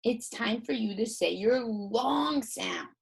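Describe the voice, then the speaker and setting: A woman voicing a bossy silent letter E that hushedly urges another vowel to say its name, then boasts in quick asides. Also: fairly high pitch, lively intonation, vocal fry, husky, full character voice, low-quality recording. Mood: conspiratorial. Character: bossy silent letter E, sly whispering know-it-all.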